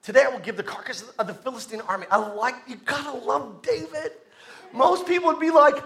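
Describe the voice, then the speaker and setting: Preacher guy, real high bright voice, hollers then drops low, keeps asking the church to say it back. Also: expressive, a little fast. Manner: shouting, swinging between loud declarations and quiet asides; calls to the congregation for responses. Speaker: pastor. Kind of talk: sermon.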